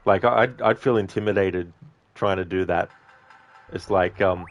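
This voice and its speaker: Low-voiced man chatting on a game stream. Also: normal speed, no room sound. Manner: chatty, laughs often, chats to viewers by name. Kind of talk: casual livestream chat while gaming.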